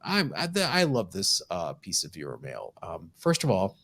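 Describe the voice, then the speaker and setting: Animated man with a lively voice. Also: sits low. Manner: enthusiastic, animated, quick banter. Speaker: podcast co-host. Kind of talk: casual chat.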